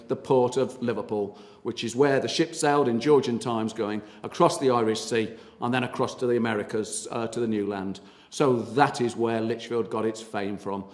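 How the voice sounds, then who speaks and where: A man gives a history talk to an audience, telling anecdotes in a chatty, halting way with plenty of ums and uhs. His voice sits at an ordinary middle pitch. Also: darkish tone. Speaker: tour guide and historian giving a talk.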